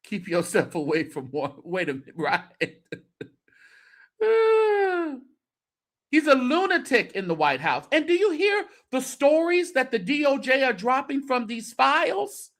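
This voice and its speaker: A man's voice: extremely high pitch, big pitch swings, moderate pace, few pauses, fairly bright tone. A man hosting a church commentary show, reacting to a clip with exasperated, sarcastic asides.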